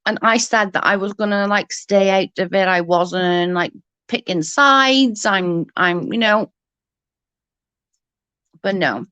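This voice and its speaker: A woman's voice: mid-range voice, slow pace, pauses often, bright, forceful tone, clear, resonant tone, no echo, lo-fi sound. A young adult woman ranting heatedly in casual chat, swearing often and restarting her sentences. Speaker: livestream guest.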